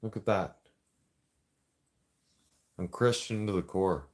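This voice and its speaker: A man's voice: deep voice, slow. A man hosting a live stream, ranting at his viewers in a confrontational, rambling way, addressing them directly.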